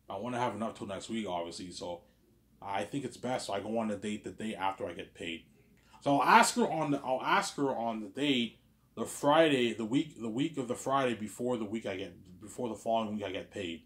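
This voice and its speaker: A man's voice: lowish voice, normal speed, a bit bright. A young man talking alone in a rambling, boastful way, often repeating himself and stumbling over words. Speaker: vlogger. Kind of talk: rambling solo monologue.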